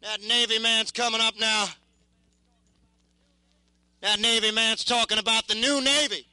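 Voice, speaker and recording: Casting: young male war veteran, very high bright voice, intense and halting, dry close sound. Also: steady tone, clear, resonant tone, dry recording, poor audio. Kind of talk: impassioned spoken testimony.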